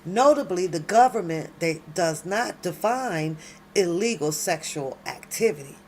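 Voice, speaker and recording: This late-night commentary host has a fairly low, animated voice and takes her time, reading documents aloud from home. Now and then she speaks straight to her viewers in loud, slangy outbursts, with slight background noise present.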